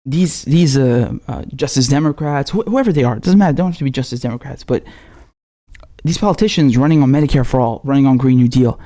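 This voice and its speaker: A medium-pitched man with a dark tone hosts a political commentary program. He rants with fiery passion, firing off rapid, heavily profane lines.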